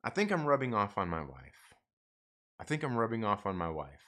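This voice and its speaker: A man's voice: on the low side, big pitch swings, fairly quick, fairly bright tone. A man hosting a live stream, telling a rambling, profane story with lots of restarts and laughter. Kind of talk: casual storytelling monologue.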